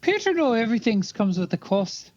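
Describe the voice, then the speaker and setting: A man's voice: sits high, big pitch swings, fairly quick, a little mellow, no echo, muffled recording. A man playing his character in a tabletop game, brash and swearing a lot. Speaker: player. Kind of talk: in-character tabletop role-play.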